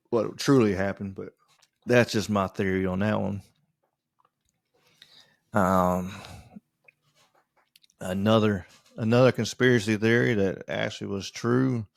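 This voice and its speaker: A man talks through a casual solo podcast, rambling along with plenty of ums and restarts. His voice sits fairly low with a gravelly fry. The recording is dry and close, with no room sound. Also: dry recording. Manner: rambling, halting, with many fillers and restarts. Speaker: podcast host.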